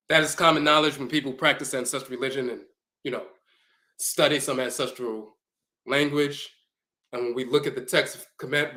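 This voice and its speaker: A man giving a slow, deliberate lecture, repeating and spelling out terms as he explains glyphs and dialects. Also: mid-range voice, a bit bright.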